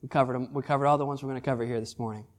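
A man preaching a sermon, animated and emphatic, repeating phrases and restarting words as he goes. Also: medium pitch, racing. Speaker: pastor.

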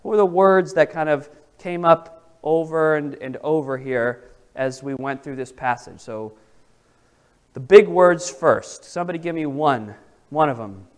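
A man's voice: on the high side, a little slow. A man leading an interactive Bible study, talking casually and asking the group questions. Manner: conversational, asks the group questions.

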